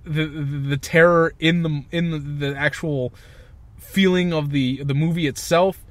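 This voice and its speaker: A man's voice: a little high, steady tone, measured pace, no echo. A young man co-hosting a casual podcast, ranting emphatically and swearing a lot. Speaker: podcast co-host. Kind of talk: casual chat.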